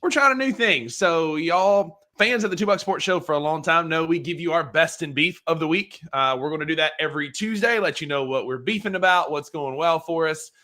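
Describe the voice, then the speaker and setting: A man's voice: a little high, fairly quick, few pauses, sharp tone. A man co-hosting a sports show in an upbeat, chatty way. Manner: upbeat, chatty, explains at length. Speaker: podcast co-host. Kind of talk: casual sports talk.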